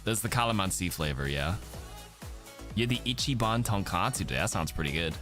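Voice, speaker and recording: A man's voice: low-pitched, expressive, fairly quick, over music. A man streaming a watch party, chatting casually with his chat and rambling, swearing now and then.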